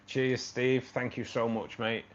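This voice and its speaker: A man hosting a live stream in a relaxed, unhurried way, thanking viewers one by one and laughing at his own jokes. His voice has a fairly middling pitch. The audio is a little dull, with faint noise underneath. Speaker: livestream host. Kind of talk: casual live-stream chat.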